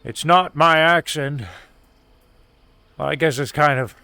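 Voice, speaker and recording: A man's voice: a little high, unhurried, gravelly, bright, forceful tone, smooth, no echo, heavily acted. A man doing a rambling put-on British craftsman. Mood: musing. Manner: meandering, hesitant musing full of fillers. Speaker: role-play character. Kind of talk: live-streamed role-play.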